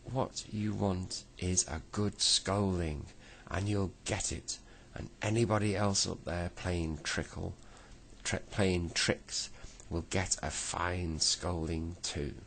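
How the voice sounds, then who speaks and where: A man voicing an angry, bossy male storybook neighbour who shouts and scolds. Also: low voice, fairly even intonation, slow, creaky, a little hiss or hum, heavily acted. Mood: scolding.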